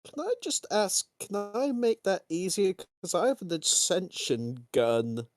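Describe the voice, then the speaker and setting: A man's voice: high-pitched, big pitch swings, no echo, soft background music. Hesitant male player, dry sound. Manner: hesitant, halting, repeats words. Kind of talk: casual tabletop play.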